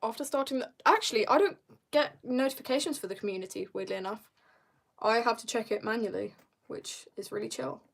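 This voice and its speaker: A woman's voice: a little high, a little fast, gravelly. Giggly teen girl streamer. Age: teens. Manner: rambling, self-mocking, giggly storytelling. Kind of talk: casual chat while drawing on a livestream.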